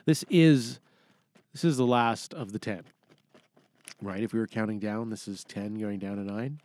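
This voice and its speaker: A man's voice: fairly low pitch, a little slow, darkish tone. A man from Canada hosting an audio game show in a chatty, rambling way that often trails off. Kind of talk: casual podcast hosting.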